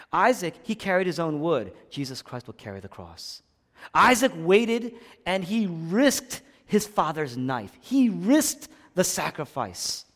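Dramatic male preacher in reverberant hall. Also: sits high. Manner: dramatic swings from hushed to loud, repeats lines for emphasis. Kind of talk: sermon.

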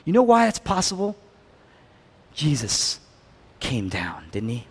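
A man preaching a sermon as pastor, swinging between loud, emphatic build-ups and hushed near-whispers, with repeated questions to the congregation. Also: mid-range voice, huge pitch swings, a little slow, long pauses, husky.

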